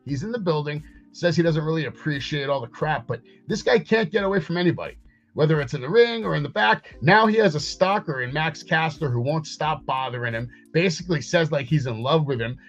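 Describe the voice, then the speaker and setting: A man's voice: on the high side, animated, fairly quick, fairly bright tone, lo-fi sound, soft background music. A man hosting a wrestling podcast, casually recapping events and paraphrasing what people said. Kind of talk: casual commentary over clips.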